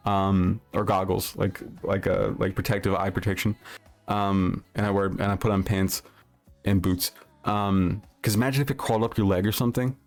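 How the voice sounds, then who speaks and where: A man's voice: sits low, steady tone, moderate pace, faint music behind. A man livestreaming, chatting loosely with his viewers and telling a rambling, swear-laden story full of restarts. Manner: rambling anecdote with profanity and frequent restarts. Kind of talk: casual livestream chat, reacting to chat.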